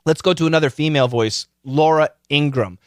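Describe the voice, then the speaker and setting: A man hosting a podcast, giving casual advice in an animated, explanatory way. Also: fairly quick, dry recording, clean studio sound. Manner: animated, explanatory, pitch leaping on key words. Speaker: podcast host.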